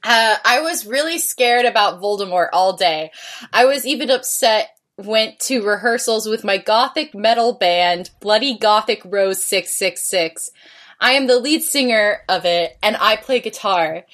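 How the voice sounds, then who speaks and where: A woman co-hosting a podcast, reading a story aloud for laughs, mostly deadpan but often on the edge of laughing. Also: mid-range voice, measured pace. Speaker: podcast co-host. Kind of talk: comedic dramatic reading.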